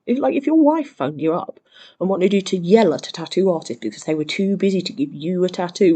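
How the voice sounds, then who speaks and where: A host reading Reddit posts aloud and reacting with sarcastic, animated commentary, laughing often and dropping to whispers for asides. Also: medium pitch, a little fast.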